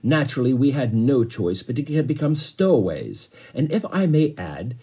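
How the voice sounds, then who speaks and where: This is a dignified butler from a storybook, as a man reading aloud puts him on. He speaks in long, courteous, formal phrases, slightly raised in pitch and warm in tone. His voice is quite husky and lively in its melody. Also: normal speed. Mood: earnest. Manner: elaborately courteous, formal speech.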